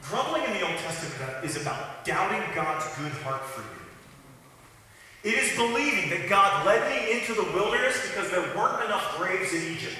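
A man's voice: high voice, animated, normal speed, bright, forceful tone, a little hiss or hum. A man preaching a sermon to his congregation, talking conversationally with joking asides. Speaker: pastor. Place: church sanctuary. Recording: echoey hall, mic from a distance.

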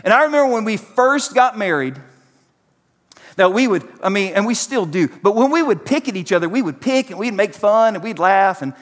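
Man, pastor preaching, high lively voice, echoey church hall. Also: brisk. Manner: animated, preacherly, addresses congregation directly. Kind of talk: sermon.

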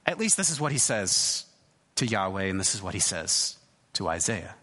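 Male preacher, chatty sermon delivery with animated pitch and restarts; recorded with long reverb from a hall. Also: moderate pace. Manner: conversational, hesitant restarts, acts out quoted voices.

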